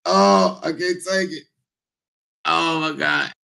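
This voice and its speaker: A man with a high-pitched voice reacts to a video, breaking into helpless laughter as he talks. He speaks slowly, stretching out slangy exclamations and repeating himself over and over. He speaks as a priest doing casual reaction commentary. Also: steady tone, creaky, bright, forceful tone.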